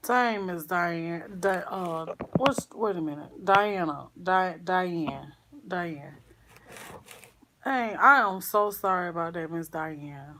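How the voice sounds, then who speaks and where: Slow, sighing woman vlogger. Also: lowish voice. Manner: slow, sighing, halting, speaks to viewers as y'all; soft, grieving, subdued. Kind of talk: casual livestream chat with viewers.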